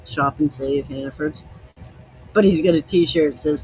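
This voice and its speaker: A podcast host with a fairly high, slightly mellow voice chats casually at a moderate pace while tasting liquor, telling stories in a loose, rambling, easygoing way. The low-quality recording carries slight background noise.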